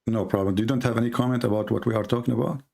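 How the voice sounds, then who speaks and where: A combative man hosting a call-in debate, mocking his callers and repeating phrases for emphasis, his voice going hoarse. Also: mid-range voice, steady tone, rapid-fire, darkish tone. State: losing his voice. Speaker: debate show host. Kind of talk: live call-in religious debate.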